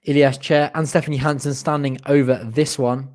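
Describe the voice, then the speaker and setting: Young guy doing fan commentary on a live watch-along, gets loud and groans when chances go begging. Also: mid-range voice, level tone, moderate pace. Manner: partisan, groans and shouts at chances, urges team on. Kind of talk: excitable fan match commentary.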